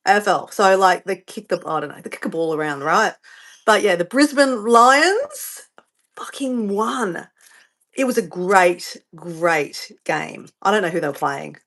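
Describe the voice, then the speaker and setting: Australian woman live-streaming from home, rambly chatty host, lots of pitch movement. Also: animated, measured pace, fairly bright tone. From Southeast Queensland, Australia. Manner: rambling, chatty, easily sidetracked. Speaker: livestream host. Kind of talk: casual live-stream chat.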